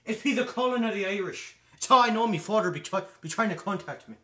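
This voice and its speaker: A man's voice: high-pitched, expressive, quick pace, pushed and bright, recorded from a distance, voice pushed up. A man putting on a joking mock Irish voice during a live stream, in a roomy, echoing space. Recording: roomy echo.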